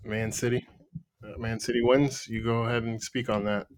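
A man's voice: mid-range voice, level tone, moderate pace. A man talks bluntly on a football podcast, arguing his point with sarcasm. He swears freely and sounds fed up with his team's performance. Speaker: podcast co-host, Arsenal fan. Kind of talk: heated casual football debate.

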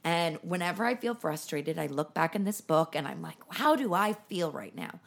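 A young adult woman hosting a casual podcast chat, earnest and enthusiastic, talking in quick bursts. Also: sits low, expressive, vocal fry. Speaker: podcast host.

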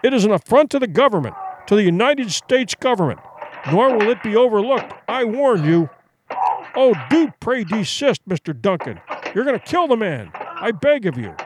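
A man voicing a fussy, flustered older consul who splutters and pleads in a high, strained voice. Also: wildly swooping pitch, normal speed, background noise. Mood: pleading.

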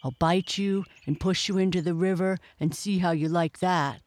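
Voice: mid-range voice, fairly even intonation, normal speed, no echo, natural voice. A storyteller voicing an angry, bullying big boy hippo who growls his threats. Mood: threatening. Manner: growling, grunting.

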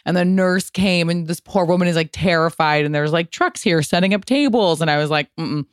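A woman's voice: on the low side, brisk, clear, resonant tone, no room sound, clean studio sound. A woman in her thirties hosting a podcast, telling a story in a chatty way, full of "like" and casual swearing. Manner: chatty, frequent "like" fillers and swearing. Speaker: podcast host.

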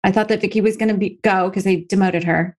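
A woman's voice: mid-range voice, fast. A woman being interviewed as a reality TV guest, telling her story candidly and emotionally and often acting out what others said. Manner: candid, emotional, quotes others in lively voices.

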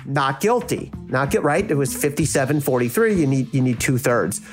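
A man's voice: mid-range voice, lively intonation, a little fast, faint music behind. A man with a South Jersey accent, a former prosecutor speaking frankly in a casual interview and acting out the reactions he quotes. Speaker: legal analyst and former prosecutor.

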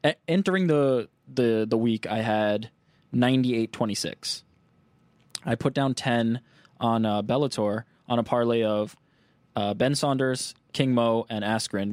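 A man's voice: mid-range voice, darkish tone, dry recording. A man co-hosting a show, casually rambling through a recap of his bets. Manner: rambling, numbers-heavy recap. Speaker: co-host with betting segment. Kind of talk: casual chat.

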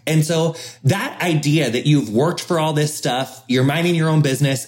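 A man's voice: fairly high pitch, darkish tone. A man hosting a podcast in casual conversation, rambling and emphatic, swearing often. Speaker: podcast host.

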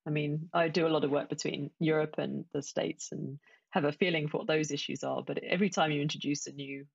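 Gravelly low-voiced woman, chatty. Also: steady tone, fairly quick, no room sound, lo-fi sound. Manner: chatty, many restarts and quoted asides. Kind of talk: casual chat.

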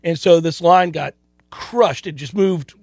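A man's voice: fairly high pitch, a little slow, darkish tone, no echo. A man co-hosting a casual sports betting chat, rambling along with restarts and frequent laughter. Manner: rambling, self-interrupting, laughs often.

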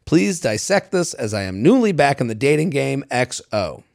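A man's voice: mid-range voice, sing-song, moderate pace, gravelly, darkish tone. A man co-hosting a podcast in casual chat, reading a listener letter and laughing often. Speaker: podcast co-host.

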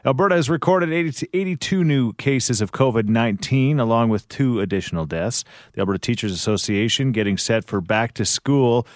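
A man hosting a morning radio show, running through news and chatting in an easygoing way with frequent filler pauses. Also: mid-range voice, dry recording, studio quality. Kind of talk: casual radio banter and news rundown.

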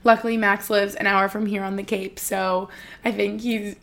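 A woman's voice: mid-range voice, little pitch movement, normal speed, gravelly, a bit bright. A woman in her twenties talking casually and emotionally to her vlog viewers, filling her talk with "like". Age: 20s. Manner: chatty and emotional, lots of "like". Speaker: vlogger.

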